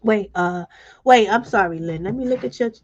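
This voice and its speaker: A woman's voice: mid-range voice, normal speed. A woman hosting a live stream, talking bluntly and emotionally and reading viewer comments aloud. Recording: dull lo-fi stream audio.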